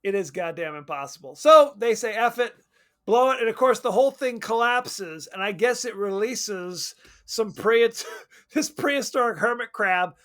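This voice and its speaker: A man co-hosting a podcast, casually retelling a horror movie plot in a loose, profane, animated way with frequent laughs. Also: sits high, normal speed. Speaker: podcast co-host. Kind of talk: casual movie recap chat.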